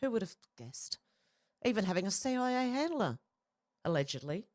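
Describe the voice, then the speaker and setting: A woman's voice: mid-range voice, very animated, moderate pace, a little mellow. An Australian woman hosting casual commentary, chatting and reading out posts with laughs between them. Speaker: host.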